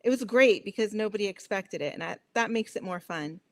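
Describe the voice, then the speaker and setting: A woman's voice: medium pitch, lively intonation, fairly quick. A woman co-hosting a casual live-stream chat, teasing and laughing as she tells stories. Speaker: co-host.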